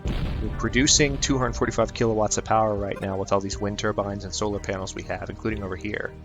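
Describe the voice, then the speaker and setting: A man's voice: on the low side, fairly even intonation, quick pace, music in the background. A man giving casual let's-play commentary, chatty and upbeat, thinking aloud with fillers as he plays. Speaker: gameplay commentator.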